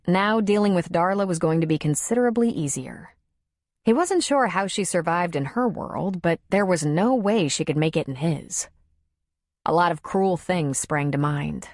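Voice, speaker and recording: A woman narrates a novel as an audiobook, reading the script in a measured, even storytelling manner. Her voice sits on the low side, and the recording is clean studio sound with no room sound.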